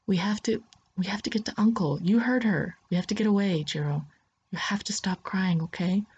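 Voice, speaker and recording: A woman voicing a frightened young girl who urgently whispers to hush her little brother. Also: mid-range voice, a little fast, breathy edge, highs cut off. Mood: anxious pleading. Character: frightened young girl, protective older sister.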